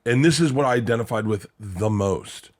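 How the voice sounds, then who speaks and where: A man hosting a podcast, telling animated stories with plenty of swearing and acted-out quotes. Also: medium pitch, moderate pace. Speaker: podcast host. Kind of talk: casual podcast chat.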